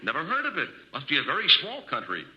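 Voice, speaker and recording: A man playing a brusque, fast-talking reporter. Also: fairly high pitch, wildly swooping pitch. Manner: brisk, blunt. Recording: dull 1940s radio transcription.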